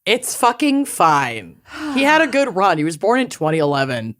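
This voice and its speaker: A woman co-hosting a podcast, reading out odd news stories in casual chat, animated, swearing often and laughing. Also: on the low side, moderate pace. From family from Massachusetts. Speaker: podcast co-host.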